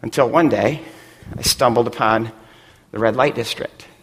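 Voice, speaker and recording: A middle-aged man from West Michigan preaching a sermon with passion, his voice swelling toward near shouts. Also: medium pitch, moderate pace, breathy edge, big-room sound. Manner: impassioned, rising to near shouts. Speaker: pastor.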